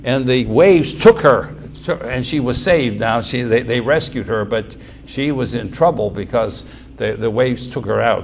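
A man's voice: medium pitch, creaky, a little mellow, slight background noise. A man preaching a Bible-teaching sermon, emphatic and repetitive, often restarting his phrases.

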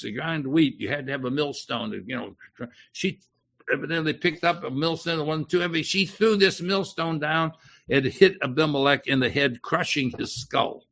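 A man's voice: a little high, creaky, fairly bright tone. A man teaching from the Bible off the cuff, rambling a little with fillers and restarts and putting questions to his listeners.

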